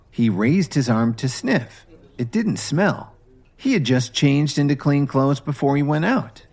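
A man giving a scripted storybook narration in an expressive, measured way. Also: mid-range voice.

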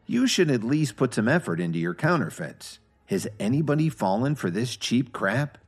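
A man's voice: mid-range voice, big pitch swings, normal speed, slightly rough, soft background music, pitched above the performer's own voice. A man doing a cool, scornful expert. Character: confident, blunt young man exposing fakes.

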